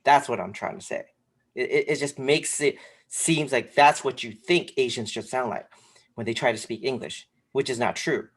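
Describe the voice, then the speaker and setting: A man co-hosting a casual podcast, talking in a rambling, animated way with lots of fillers. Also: medium pitch, moderate pace, husky. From came to this country when young. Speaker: podcast co-host. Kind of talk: casual sneaker podcast chat.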